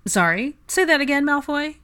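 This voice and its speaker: A woman voicing a wry, teasing young man in a fan fiction audiobook reading, in her own low voice with light, good-humoured ribbing. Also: lively intonation, quick pace, a bit bright.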